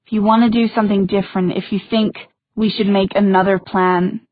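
A woman's voice: medium pitch, flat delivery, fairly quick, no echo, close to an everyday voice. A woman voicing a spirited teenage girl with dry, joking comebacks, on a tinny recording. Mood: wry. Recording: tinny phone-like audio.

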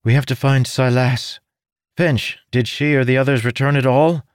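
A man's voice: medium pitch, steady tone, moderate pace, smooth, no room sound, clean studio sound, pitched above the performer's own voice, lightly acted. A man voicing a worried, caring young woman in a storybook. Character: anxious young woman companion.

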